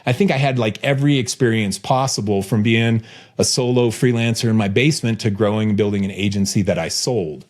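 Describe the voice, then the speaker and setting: A man hosting a casual podcast chat, playful and animated, often laughing. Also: on the low side, fairly quick. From United States. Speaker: podcast host.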